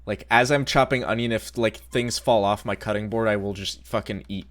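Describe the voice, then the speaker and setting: A man's voice: fairly low pitch, fairly even intonation, moderate pace, fairly bright tone. A man streaming a game and chatting casually, rambling and swearing as he plays. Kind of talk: casual gameplay commentary.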